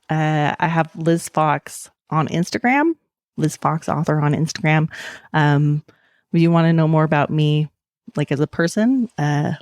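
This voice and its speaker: A woman's voice: deep voice, no room sound, studio quality. A woman author talking candidly in an interview and reading her own novel aloud, laughing easily. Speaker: author and guest.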